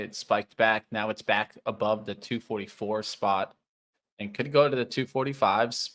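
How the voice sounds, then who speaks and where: A man's voice: on the low side, a bit bright. Man calling live stock moves. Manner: running play-by-play of price moves. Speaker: co-host of live trading show. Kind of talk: live market commentary.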